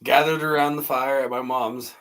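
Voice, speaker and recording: Bright-voiced man telling a story. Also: mid-range voice, flat delivery, moderate pace, low-quality recording. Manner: laughing, joking. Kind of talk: casual storytelling.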